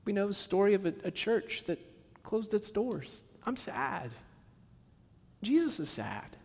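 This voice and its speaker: A man preaching a sermon as pastor, acting out quotes and dropping to a soft hush on sad points. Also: high voice, very animated, moderate pace, big-room sound.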